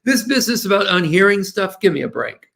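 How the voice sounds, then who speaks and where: An older man in his sixties, from the American South, talks as a guest lawyer in a relaxed interview. His voice has a gravelly, rough edge, and he tells stories with plenty of animation, slipping into the voices of the people he quotes. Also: sits high, fairly quick. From Southern United States. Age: 60s. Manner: animated, storytelling, quoting others. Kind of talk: casual interview talk.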